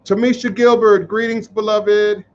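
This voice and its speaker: A man's voice: high voice, level tone, a little slow, a little mellow. A man hosting a spiritual live stream, talking emotionally to viewers, reading their comments and repeating phrases for emphasis in a preachy way. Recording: muffled livestream audio.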